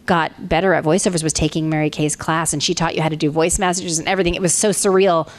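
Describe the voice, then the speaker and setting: A woman in her forties, a voice actress telling stories at a convention panel, animated and slipping into other people's voices as she quotes them. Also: fast talker. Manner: animated, acts out quoted voices in higher pitch.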